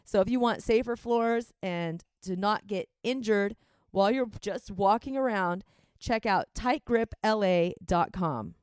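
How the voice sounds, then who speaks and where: A woman reading a brisk, promotional ad. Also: mid-range voice, a little mellow, clear, resonant tone, no room sound, clean studio sound. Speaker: ad reader. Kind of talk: ad read.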